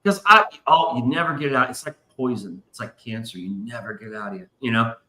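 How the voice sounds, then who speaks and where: Male host, bright and forceful, swears freely, roomy echo. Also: medium pitch, fast talker. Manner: profane, animated storyteller acting out quotes. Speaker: podcast host. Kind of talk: casual storytelling chat. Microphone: live stream.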